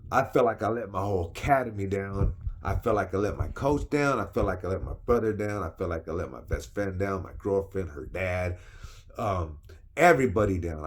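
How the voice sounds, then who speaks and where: Slangy young man telling a story. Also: on the low side. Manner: animated, slangy, repeats phrases for emphasis. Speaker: vlogger. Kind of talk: casual storytelling.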